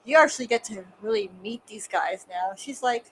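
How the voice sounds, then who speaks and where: Woman with a slightly high voice, an animated podcast storyteller who voices each quoted line. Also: a little fast, hardly any pauses, slight background noise, poor audio. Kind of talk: casual podcast chat.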